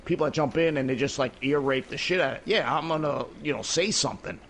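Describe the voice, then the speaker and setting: A man's voice: a little high, fast talker, a bit bright, slight background noise. A middle-aged man in casual voice chat while gaming, rambling and swearing, peppering his talk with "you know what I mean". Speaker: gamer in voice chat.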